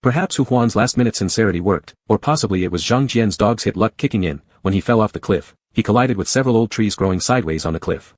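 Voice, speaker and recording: A man reads a novel aloud at an even, measured pace. His voice is low and husky. The recording is dry and close. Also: no room sound. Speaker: narrator. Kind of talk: scripted audiobook narration.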